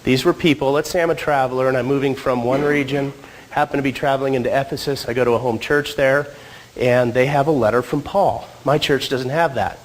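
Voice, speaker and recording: A married man talks informally in a church hall, throwing in jokes for the audience while his voice stays slightly husky from a cold he's getting over. His mid-range tone is steady, his pace a little fast, and the recording is rough.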